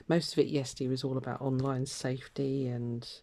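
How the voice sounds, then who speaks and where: Older woman, mellow tone, rambling casual chat, lots of fillers. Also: rumbling low, level tone, a little fast. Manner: rambling, chatty, with frequent fillers and laughs. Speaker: craft vlogger. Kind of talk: casual chat while stitching.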